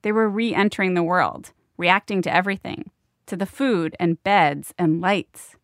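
Calm low-voiced woman narrating a documentary. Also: measured pace, dry recording, studio quality. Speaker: host and narrator.

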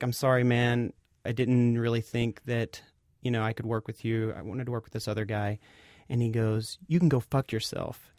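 A man telling a personal story as a radio guest, hesitant and full of fillers, getting animated as he retells it. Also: medium pitch. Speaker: guest reporter. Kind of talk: casual storytelling.

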